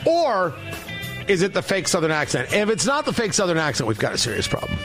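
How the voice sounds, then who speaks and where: Guy hosting a talk show, kinda high voice, mocking and rambling. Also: wildly swooping pitch, a little fast, music in the background. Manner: sarcastic, mocking, rambling with restarts. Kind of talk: opinionated political commentary.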